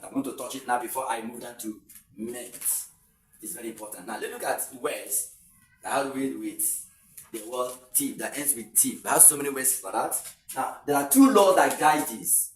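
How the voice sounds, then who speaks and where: Man teaching from a distant mic. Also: mid-range voice. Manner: repeats words slowly, with frequent hesitant fillers. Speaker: English teacher. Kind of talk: exam-prep pronunciation lesson. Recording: roomy sound from a distant mic with faint noise.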